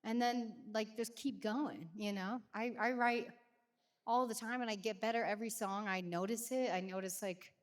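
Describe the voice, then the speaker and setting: A woman in her thirties, a singer, answers fan questions in a casual backstage chat at a concert venue. Her voice is a little high with fairly even intonation and a moderate pace, and it has a big-room sound. She rambles animatedly and uses a lot of fillers.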